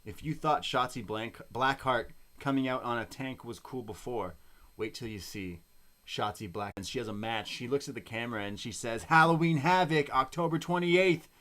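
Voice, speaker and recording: A man co-hosting a wrestling podcast, recapping the show in casual chat with animated, excitable storytelling. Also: lowish voice, normal speed.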